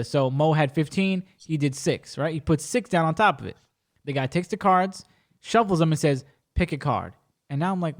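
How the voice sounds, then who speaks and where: With a slightly high voice and a moderate pace, a podcast host recounts a story in a relaxed way. He's animated throughout, doing impressions of the other people in the tale.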